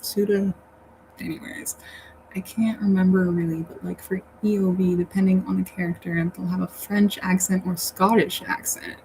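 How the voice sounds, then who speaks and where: On a casual livestream, a woman reads her chat and rambles with viewers, laughing often. Her voice is lowish and warm with little pitch movement at a moderate pace, and the rough recording carries a faint fan hum.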